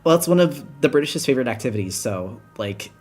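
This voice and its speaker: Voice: mid-range voice, fast, soft background music. Chatty young adult host, rambling. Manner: rambling, laughs often, lively asides. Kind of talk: casual chat.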